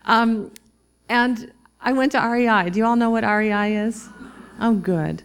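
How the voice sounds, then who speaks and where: A woman in her forties, an author telling a personal story to a live audience in a reflective, halting way, with many restarts and fillers. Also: fairly high pitch, clear, resonant tone. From Minnesota, US. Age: 40s. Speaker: author giving a talk.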